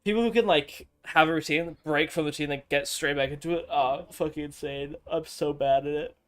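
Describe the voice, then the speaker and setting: A man's voice: fairly high pitch, flat delivery, fairly quick, fairly bright tone. A man streaming and chatting casually over gameplay, rambling and swearing freely. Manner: rambling, crude and profane.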